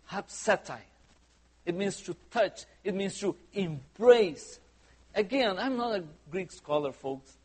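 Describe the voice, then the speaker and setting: High-voiced male pastor preaching. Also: darkish tone, breathy edge. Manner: conversational, quizzes the congregation with questions; humorous asides. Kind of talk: sermon.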